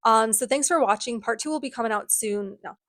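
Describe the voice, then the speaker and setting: A woman's voice: on the high side, brisk, fairly bright tone, no echo. Sarcastic woman recapping books. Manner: sarcastic, dramatic. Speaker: book reviewer. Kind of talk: casual book recap.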